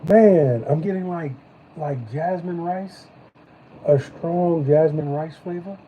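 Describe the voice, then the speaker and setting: A man hosting a live stream, chatting casually as he reviews snacks, animated and slangy. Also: a little high, slow pace, lo-fi sound, slight background noise. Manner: animated, loose slangy talk.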